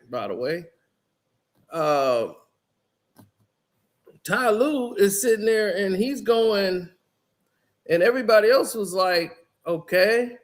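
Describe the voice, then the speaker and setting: In a high, somewhat bright voice, a man gives casual, rambling basketball commentary. He tells the story loosely, leaning heavily on "you know" and "like."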